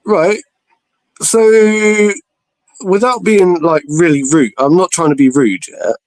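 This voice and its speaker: Rambling man, fairly high voice. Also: takes it slowly, darkish tone, dry recording, rough recording. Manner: rambling storyteller, full of restarts, jumps high when imitating others. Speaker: podcast panelist. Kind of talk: casual panel debate.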